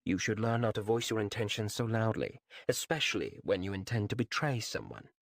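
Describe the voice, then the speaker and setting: A man's voice: fairly low pitch, a little fast, vocal fry, no room sound, clean studio sound, pitched below the performer's own voice. Man doing a cool, contemptuous hooded assassin. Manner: calm, smirking, contemptuous. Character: calm cowled male assassin, cool and contemptuous.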